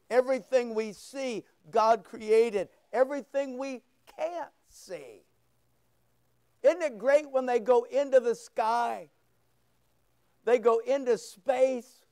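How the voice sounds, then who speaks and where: Male preacher, high smooth voice, emphatic, unhurried sermon. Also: darkish tone, no echo, clean studio sound. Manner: fervent, emphatic preaching with rising bursts. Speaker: pastor.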